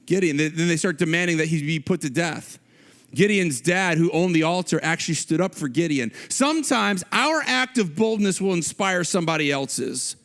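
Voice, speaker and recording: A man preaching with a notably high voice, telling a story casually and with animation. He talks to the congregation as if chatting with friends. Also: lively intonation, moderate pace, fairly bright tone. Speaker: pastor. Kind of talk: sermon.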